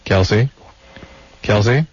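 A man's voice: fairly low pitch, takes it slowly, slightly rough, no room sound. A man co-hosting a radio call-in show, teasing and wisecracking in casual banter. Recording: dull lo-fi radio audio.

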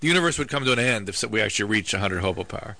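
A man's voice: on the low side, lively intonation, racing, creaky, pushed and bright, no room sound. A man co-hosting a comedy radio show, earnest and explanatory, sometimes stumbling over his words. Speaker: radio co-host.

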